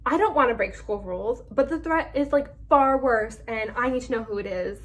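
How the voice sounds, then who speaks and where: A woman's voice: fairly high pitch, moderate pace, close to an everyday voice. A woman quoting a clever, bossy schoolgirl witch in an emphatic, worked-up way, close to her own voice.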